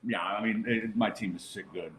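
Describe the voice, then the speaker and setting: A man's voice: on the low side, steady tone, moderate pace, a bit bright. A man hosting a sports podcast, chatting casually in a loose, joking way with lots of fillers. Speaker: podcast host.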